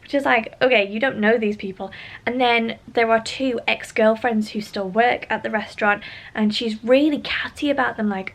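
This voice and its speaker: Speaking briskly with a fairly high, steady voice, this middle-aged woman from the United Kingdom vents her exasperation while frankly reviewing a book. It's a casual book-vlog chat filmed on her phone camera.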